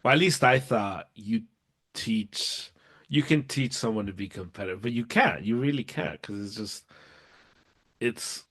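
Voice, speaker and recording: Slow-talking, low-voiced man. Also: animated, fairly bright tone. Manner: reflective, with short agreeing replies. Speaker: podcast co-host. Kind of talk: casual chat.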